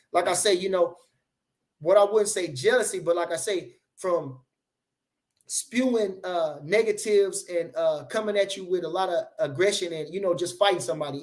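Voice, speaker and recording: A man's voice: high-pitched, darkish tone. A man chatting casually on a livestream, reading out comments in rambling, repetitive, profane hype talk.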